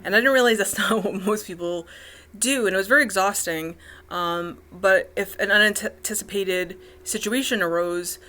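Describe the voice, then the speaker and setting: A woman vlogging about her life, speaking haltingly with many fillers and restarts. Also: mid-range voice, sharp tone. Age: middle-aged. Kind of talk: casual personal vlog.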